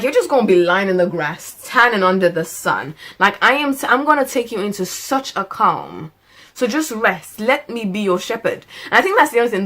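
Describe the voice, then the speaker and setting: A woman's voice: medium pitch, a bit bright. Chatty woman vlogging. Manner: chatty and faith-driven, drifts into preaching; laughs often, stretches words for emphasis. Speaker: lifestyle vlogger. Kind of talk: casual chat to camera.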